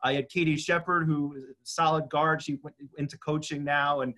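A chatty man with a somewhat higher voice hosts an interview. He stumbles and repeats words as he sets up each question. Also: steady tone, a little fast, sharp tone. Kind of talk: casual interview.

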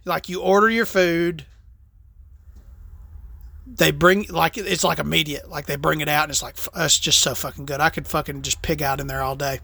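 A woman's voice: low-pitched, steady tone, normal speed, gravelly, sharp tone, dry recording. A woman hosting a podcast, talking in a casual, rambling, profane and joking way. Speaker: podcast host.

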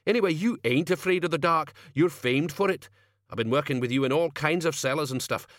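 A man voicing a gruff, bossy male gang leader who speaks bluntly and with sarcasm. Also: on the high side, a little fast, a bit bright, no echo, clean studio sound, voice pushed up, close to an everyday voice. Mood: scornful.

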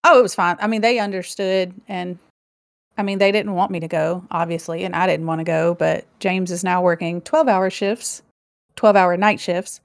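A woman's voice: on the low side, steady tone, normal speed, vocal fry, no room sound, clean studio sound. A young woman co-hosting a podcast, chatting casually and telling a self-deprecating story. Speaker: podcast co-host.

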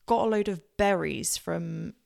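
A woman's voice: lowish voice, measured pace, creaky, a little mellow. A woman from Southampton with a posh southern English accent, telling personal stories on her podcast in a rambling way, with many fillers and self-corrections. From Southampton, England. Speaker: podcast host. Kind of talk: casual personal storytelling.

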